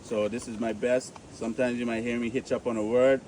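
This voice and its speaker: A man with a Caymanian accent guiding an outdoor cave tour, joking, lively and full of local slang. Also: mid-range voice, a little fast, far from the mic, a little hiss or hum. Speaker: tour guide. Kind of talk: guided tour talk.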